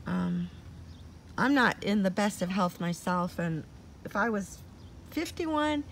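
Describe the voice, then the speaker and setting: A woman's voice: medium pitch, lively intonation, slow, a little hiss or hum. A woman in her sixties telling a personal story in a meandering way that keeps circling back. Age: 60s. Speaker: vlogger.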